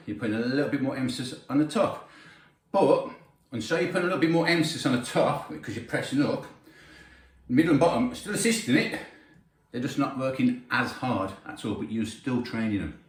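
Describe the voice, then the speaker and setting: A man giving blunt, opinionated, sweary gym advice in a casual workout vlog. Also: mid-range voice. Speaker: gym trainer. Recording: roomy gym, mic at a distance.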